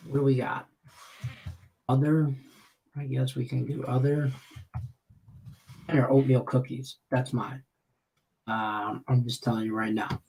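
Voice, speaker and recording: A man's voice: mid-range voice, level tone, a little slow, gravelly, long pauses, darkish tone. A man hosting a casual live stream chat, rambling and chatty, often laughing as he tells stories. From Detroit, Michigan. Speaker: host.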